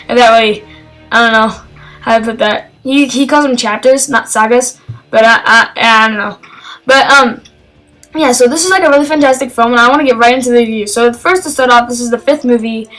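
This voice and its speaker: A woman's voice: fairly high pitch, a little fast, a bit bright, faint music behind, rough recording. Rambling, eager young-sounding woman reviewer. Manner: rambling and hesitant, with many fillers and restarts; enthusiastic. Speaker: film reviewer. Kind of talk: casual spoken film review.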